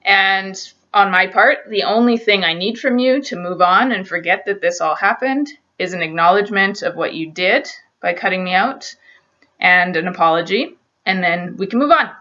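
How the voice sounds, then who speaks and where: A woman's voice: mid-range voice, normal speed, pushed and bright. A young woman telling a personal story to camera in an earnest, emotional, searching way, on a dull lo-fi recording. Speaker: vlogger. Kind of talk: personal confessional vlog.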